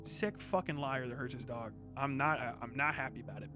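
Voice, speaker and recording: A man's voice: mid-range voice, a little fast, over music. A man streaming live, ranting angrily and swearing heavily. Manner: angry, profane, heated. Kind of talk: livestream rant.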